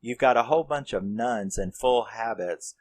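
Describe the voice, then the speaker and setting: A man's voice: mid-range voice, moderate pace. A man casually retelling a horror comedy's plot, rambling and swearing as he acts out the characters' lines. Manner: rambling, profane, acts out quotes. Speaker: movie reviewer.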